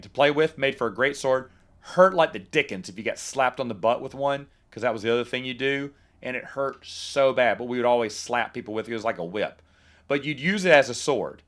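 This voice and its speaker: A man in his forties hosting a podcast, telling rambling nostalgic stories in a casual monologue with lively asides. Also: mid-range voice. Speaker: podcast host.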